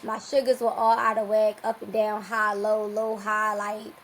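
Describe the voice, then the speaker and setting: A woman guest on a podcast telling a personal story in a casual, animated way, laughing often and restarting her sentences. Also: medium pitch, moderate pace, slight background noise, low-quality recording.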